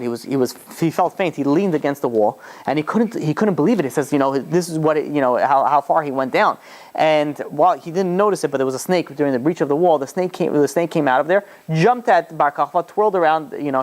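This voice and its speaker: A man's voice: fairly high pitch, quick pace. A man, a rabbi, retelling a story in a loose, rambling way, full of fillers and restarts. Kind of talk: storytelling talk.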